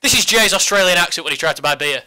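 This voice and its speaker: A man's voice: high-pitched, animated, rapid-fire, pushed and bright, smooth. A man co-hosting a casual sports podcast, teasing his partner in jokey banter. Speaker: podcast co-host.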